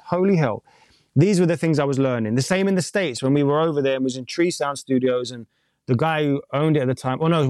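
A man's voice: mid-range voice, darkish tone, no room sound. Candid London man, dry close sound. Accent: London English. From England. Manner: candid, rambling, swears casually. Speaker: music producer and mix engineer. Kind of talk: casual interview chat.

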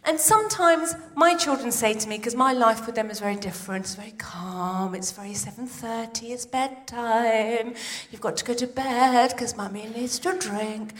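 A woman, doing a live stand-up set on a theatre stage, excitable and full of quick asides. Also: on the high side. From Iran. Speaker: stand-up comedian.

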